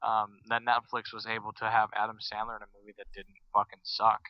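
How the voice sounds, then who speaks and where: Male podcast co-host, smooth clear voice, dry dull-sounding recording, blunt and profane. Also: fairly low pitch, monotone, fairly quick, no echo. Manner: blunt, swears casually. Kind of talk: casual podcast chat.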